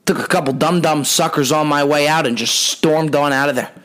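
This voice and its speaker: Brash, profane comedy podcast host. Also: male voice, a little high, fairly even intonation, brisk, a bit bright. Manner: brash, profane, rambling storyteller.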